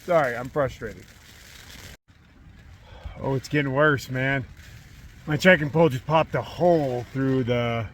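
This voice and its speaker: A cold and hungry man talks into a handheld camera from inside a small tent. His voice sits at an ordinary middle pitch. His delivery is weary and fed up, full of swearing, with faint wind noise behind him. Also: unhurried, pauses often. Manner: weary, frustrated, swears often. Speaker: long-distance hiker. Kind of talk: vlog filmed while camping.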